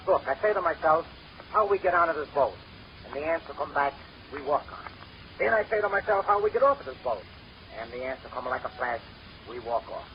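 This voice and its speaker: An actor playing a hungry, scheming Italian sidekick with an Italian accent and broken grammar, in 1930s radio comedy. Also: male voice, on the high side, lively intonation, brisk, highs cut off. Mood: cheeky. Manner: broken grammar, cheeky wordplay. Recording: scratchy 1930s radio recording.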